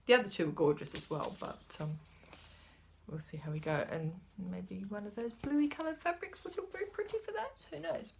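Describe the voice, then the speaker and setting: A woman's voice: medium pitch, expressive, moderate pace, gravelly, darkish tone, a little hiss or hum. A woman, chatting casually as she shows her cross-stitch supplies, rambling a little and sometimes dropping to a whisper. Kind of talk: casual chat showing craft supplies.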